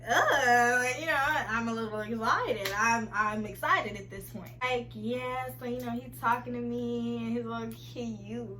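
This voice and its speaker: A young woman vlogger telling a casual storytime to her viewers, chatty and animated and often laughing. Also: on the high side, a little slow, hardly any pauses, low-quality recording.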